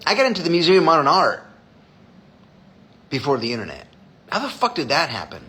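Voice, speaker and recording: A man's voice: a little high, huge pitch swings, a little fast, sharp tone. A man hosting a live stream as a designer, chatting casually with viewers in a blunt, profane way.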